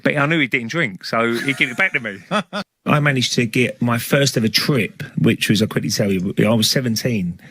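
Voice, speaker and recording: Middle-aged man, casual anecdote teller, dry close sound, mid pitch. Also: normal speed, fairly bright tone, breathy edge, no echo. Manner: chatty storyteller, laughs between stories. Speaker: former footballer telling stories.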